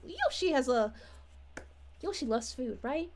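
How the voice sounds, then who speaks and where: A sweet, bubbly young princess, as a woman plays her on a character livestream, chatting in a high, gushing voice. Her sing-song lines swoop up and down all over, full of giggles. She sounds delighted with everyone. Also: very animated, measured pace, a little mellow, exaggerated voice. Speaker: character streamer reading chat.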